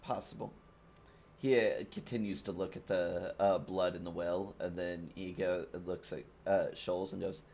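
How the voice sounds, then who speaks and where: A man serving as game master, narrating a tabletop role-playing session. His voice sits very low and he talks slowly and evenly. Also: fairly even intonation, a little mellow.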